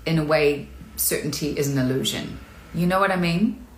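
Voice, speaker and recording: A woman's voice: sits low, normal speed, a little hiss or hum. A woman acting coach talking candidly and chattily in a live-streamed Q&A, sometimes showing emotion. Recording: echoey room.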